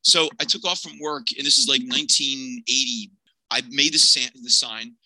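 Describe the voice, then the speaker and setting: A man in his fifties from Pennsylvania, telling a personal tale as a podcast guest with lively energy and voicing each person in it himself. His voice is very bright and forward, recorded dry and close. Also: medium pitch, normal speed, no room sound, low-quality recording. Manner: animated, acts out the people in his story. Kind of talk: personal storytelling.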